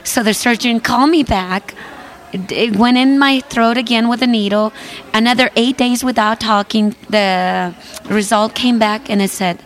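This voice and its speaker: Woman with a flat, steady testimony voice. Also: a little high, normal speed. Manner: earnest, repeats phrases for emphasis. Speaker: guest singer. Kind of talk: personal faith testimony.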